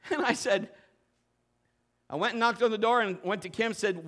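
High-pitched male preacher with a bright edge; excitable participation sermon to a live church. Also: normal speed. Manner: animated participation preaching, urging the congregation. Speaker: pastor. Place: church sanctuary with a congregation.

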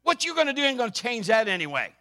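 Fervent preaching man, bright voice. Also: extremely high pitch, big pitch swings, fast. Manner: fervent, emphatic preaching with repetition. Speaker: pastor. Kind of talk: sermon.

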